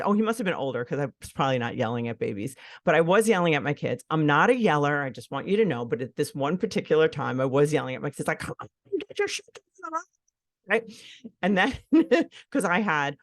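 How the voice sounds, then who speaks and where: A woman's voice: low voice, no echo, clean studio sound. A middle-aged woman hosting a solo podcast, speaking frankly and swearing casually. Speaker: podcast host.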